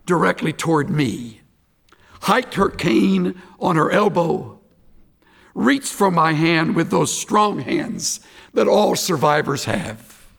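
Male devotional reader, slightly high voice with some fry, solemn and pleading. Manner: earnest, pleading. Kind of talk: devotional reading and altar call.

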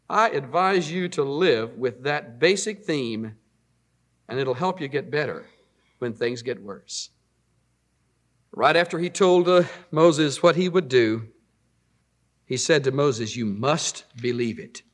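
Animated preaching man, lively pitch. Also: a little slow. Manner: animated preaching, rising loud on emphasis. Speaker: pastor. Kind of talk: sermon.

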